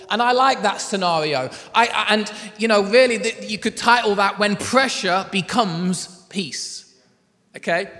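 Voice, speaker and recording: A man's voice: high voice, fairly bright tone, big-room sound. A male pastor, preaching in a chatty storytelling way and laughing easily. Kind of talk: sermon.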